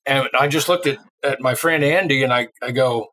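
A middle-aged drummer from Illinois tells a casual anecdote in an interview, acting out the voices of the people in his story. His medium-pitched voice moves at a moderate pace with hardly any pauses, and the recording is rough.

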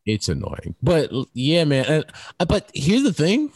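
A man co-hosting a casual sports talk show, telling stories in an animated way and laughing often. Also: a little high, unhurried, husky, no echo, clean studio sound.

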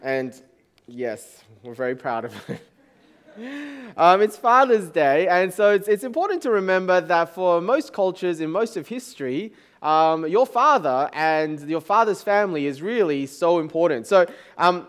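A man's voice: high-pitched, lively intonation, moderate pace. A man preaching a sermon as pastor, talking to the congregation in a conversational, joking way. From Chinese background.

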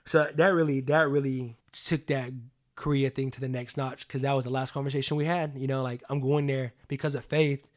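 A man's voice: medium pitch, little pitch movement, fairly quick. A young adult man, a podcast guest, telling personal stories in an earnest, casual way, full of "like" and "you know what I mean".

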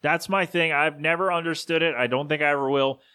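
A man hosting a solo podcast, talking casually and with strong opinions, often correcting himself and sometimes slipping into a gruff put-on voice for quick impressions. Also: on the high side, fairly even intonation, sharp tone. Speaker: podcast host. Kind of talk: solo rambling podcast talk.

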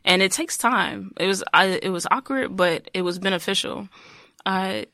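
A male podcast host talks in an easygoing way, filling his questions with "like" and soft restarts. His voice has a gravelly, fried edge with a bright, forward tone. The sound is dry and close, with no room behind him. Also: high voice, normal speed, dry recording. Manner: relaxed, trailing fillers like "like". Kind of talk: casual interview chat.

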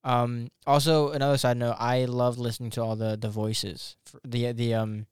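A man co-hosting a film podcast chats in a relaxed, offhand way, laughing often and trailing off before he finishes a thought. His mid-pitched voice is smooth and clear, and the sound is dry and close. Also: moderate pace, no room sound. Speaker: podcast co-host. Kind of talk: casual chat, film review.

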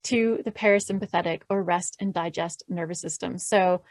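A woman calmly explaining breathing mantras in an interview, gentle and measured, with light laughs. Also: fairly low pitch, dry recording. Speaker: podcast host and guest expert. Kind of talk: calm instructional explanation.

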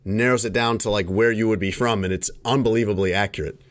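A man's voice: lowish voice, steady tone, fast. Rambling man from Chicago, chatting casually. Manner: rambling, self-correcting storyteller. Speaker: podcast host. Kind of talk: casual chat.

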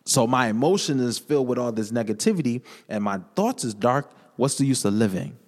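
This podcast guest has a medium-pitched voice and an animated, brisk delivery as he earnestly recounts his personal testimony, frequently repeating himself in casual talk. The echoey room adds a long reverb.

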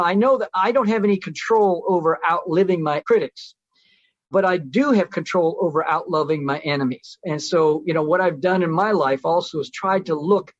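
Guest speaker: earnest middle-aged man, slightly high voice, on a dull, dry-sounding line. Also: dry recording. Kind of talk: relaxed storytelling conversation.

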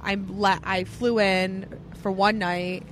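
A woman comedian, a guest on a casual podcast, telling stories in an animated, playful way. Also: mid-range voice, takes it slowly, slight background noise.

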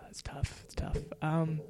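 A man's voice: on the high side, vocal fry. A young man from Canada, co-hosting a podcast in casual chat, easygoing and agreeable, often trailing off mid-thought. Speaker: podcast co-host.

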